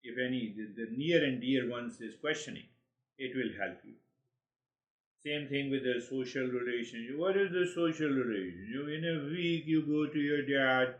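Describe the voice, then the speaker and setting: A man speaks as a spiritual teacher, measured and instructive, laying out each point in steps. The room adds an echo, and the sound is a little muffled. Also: medium pitch. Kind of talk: spiritual counseling talk. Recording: roomy, dull lo-fi sound.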